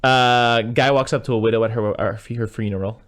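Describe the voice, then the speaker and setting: A man hosting a casual movie podcast, chatting loosely and telling jokes in a dry, deadpan way. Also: medium pitch, fairly quick. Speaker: podcast host. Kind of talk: casual chat.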